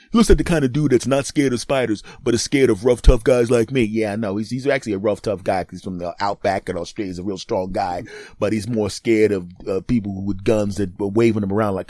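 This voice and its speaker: A man's voice: lowish voice, steady tone, fast talker, dark tone, no echo, clean studio sound. A man in his fifties hosting a comedic podcast monologue, brash and trash-talking, laughing at his own jokes. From Northeastern US. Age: 50s. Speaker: podcast host.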